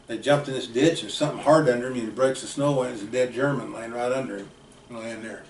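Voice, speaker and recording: A man's voice: mid-range voice, fairly even intonation, quick pace. An older man from the United States, a plainspoken, folksy uncle telling long family stories in a casual, rambling way. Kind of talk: casual storytelling. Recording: roomy, distant mic, faint background noise.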